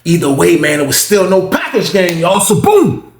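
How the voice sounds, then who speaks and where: A man telling a story from his own past in a casual, profane way, acting out both sides of the conversations with lively energy. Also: high voice, moderate pace, reverberant, noisy background.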